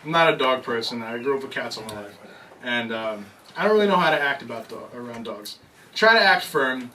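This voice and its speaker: At a bar comedy night, an animated young stand-up comedian tells a story in his set, talking fast in a medium-pitched voice and laughing at his own jokes. A distant mic picks him up amid loud noise and the crowd.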